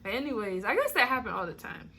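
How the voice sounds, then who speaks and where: A woman's voice: fairly high pitch, sing-song, fast, sharp tone, slightly rough. A young woman vlogger telling a candid, chatty story, blunt and swearing freely. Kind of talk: casual story time.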